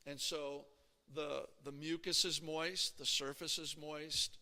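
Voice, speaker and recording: A man with a gravelly, bright voice gives a classroom lecture, talking casually and stopping often to check that his students follow. His speech rings out with the long reverb of a lecture hall. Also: a little high, steady tone, slow. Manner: conversational, checks in with frequent "okay?" and "right?". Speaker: anatomy lecturer.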